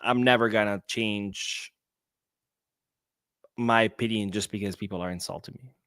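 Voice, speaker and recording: A man's voice: on the low side, fairly even intonation, moderate pace, a bit bright, no echo, studio quality. A young man hosting a casual sports podcast, reading out viewer comments and answering them bluntly, swearing freely as he gives his opinions. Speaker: podcast host.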